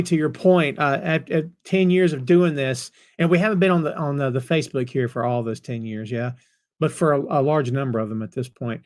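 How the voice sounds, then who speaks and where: Chatty man hosting a live show. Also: medium pitch. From North Carolina. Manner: chatty, greets viewers by name, animated bursts. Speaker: podcast host. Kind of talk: casual chat reading live comments.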